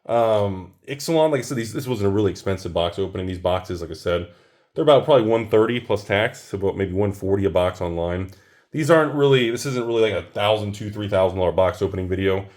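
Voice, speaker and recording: A man's voice: fairly low pitch, fast talker, a little mellow. A man hosting a card-opening video, ranting casually and exclaiming over each card he pulls. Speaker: host opening card packs.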